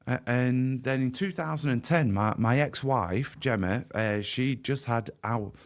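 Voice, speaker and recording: Frank, halting middle-aged man. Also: medium pitch. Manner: frank, halting with restarts, vivid first-person telling. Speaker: podcast guest. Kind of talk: candid conversational storytelling. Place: podcast interview.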